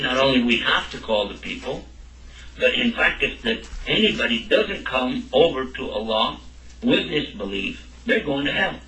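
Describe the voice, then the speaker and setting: A man's voice: medium pitch, bright, forceful tone. A man giving a religious lesson to a class, quizzing his listeners with questions along the way. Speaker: religious teacher. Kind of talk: lecture to a class. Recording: echoey room, mic at a distance.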